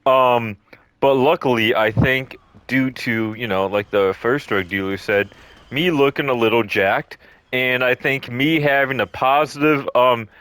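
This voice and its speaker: A man's voice: medium pitch, a bit bright, clear, resonant tone. A young man telling a rambling story casually, full of swearing and ums, acting out the quotes. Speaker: storytelling vlogger. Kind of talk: casual storytime over gameplay.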